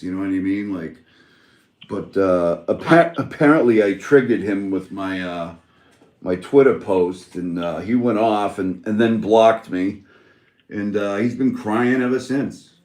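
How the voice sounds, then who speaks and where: A man's voice: on the low side, a little mellow. A man calling in to a live stream, chatting casually and rambling with many fillers and restarts. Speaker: caller on a live call-in stream. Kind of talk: casual chat. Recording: roomy echo on the line.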